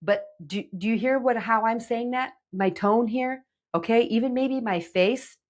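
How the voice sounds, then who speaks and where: A woman's voice: a little high, measured pace. A middle-aged woman, a teen relationship coach, giving emphatic direct-to-camera advice to parents and checking in with "okay?". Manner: animated, emphatic, checks in with 'okay?'.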